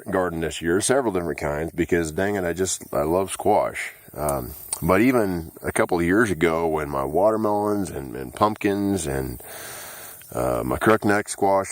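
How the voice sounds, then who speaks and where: Low-voiced man, relaxed garden vlog. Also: no room sound. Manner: easygoing, frequent "uh" fillers. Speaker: gardening channel host. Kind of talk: casual garden walkthrough vlog. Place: outdoors in a vegetable garden. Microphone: handheld camera mic.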